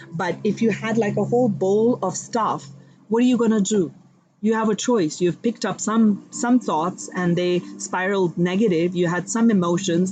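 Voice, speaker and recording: A woman giving a live tarot reading, speaking warmly and directly to her viewers with affirming spiritual encouragement. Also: mid-range voice, slight background noise, poor audio. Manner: chatty, addresses viewers directly. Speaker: tarot card reader.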